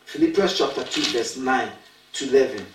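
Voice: medium pitch, a little fast, slight background noise. A preacher giving an emphatic talk, asking questions and repeating key phrases, recorded from a distance in a roomy space. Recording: roomy sound from a distant mic.

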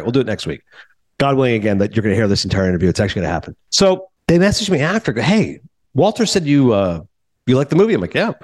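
A man who is a film critic and podcast host, telling a casual story and acting out the dialogue, then interviewing a guest. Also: medium pitch. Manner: animated, quick, acts out dialogue.

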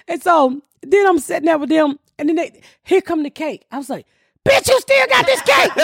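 Raspy high-voiced woman telling a profane story. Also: no echo, clean studio sound. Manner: profane, animated storytelling with laughter. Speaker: podcast host. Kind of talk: casual storytelling chat.

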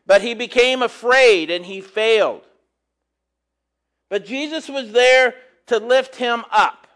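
A man preaching a conversational sermon, reading scripture and adding relaxed, chatty asides. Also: very high voice, slow.

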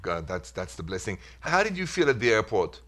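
A man's voice: lowish voice, big pitch swings, fairly quick, a bit bright. A man hosting a radio advice show, talking in an earnest, reflective way with simple repeated phrases. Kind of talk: casual radio talk.

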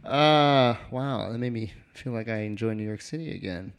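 A man's voice: medium pitch, normal speed, clear, resonant tone. Man, event host, mid-range voice, loose chatty emcee patter. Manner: loose, chatty, laughs easily. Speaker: host of a reading night.

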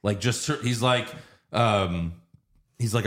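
A low-pitched man in casual podcast chat, walking through a film scene by scene. He swears freely and slips into playful voices when he quotes the characters. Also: slow, long pauses. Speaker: podcast host. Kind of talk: casual movie-recap chat.

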